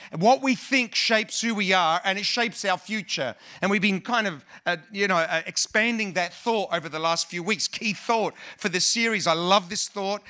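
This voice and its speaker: A man's voice: sits high, pushed and bright. A man preaching a sermon, opening with a prayer and then talking in a conversational way, with many fillers and restarts. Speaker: pastor.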